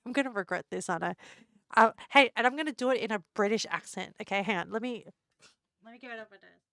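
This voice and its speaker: Woman streamer, giggly teaser, slightly high voice, dry close sound. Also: animated, a little fast, long pauses, no room sound. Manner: giggly, playful teasing of chat. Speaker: live streamer. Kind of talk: casual live-stream chat.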